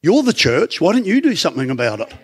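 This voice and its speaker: A middle-aged man with an Australian accent preaching in church, conversational and animated, full of rhetorical questions. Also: on the high side, quick pace, breathy edge. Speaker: pastor. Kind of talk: sermon.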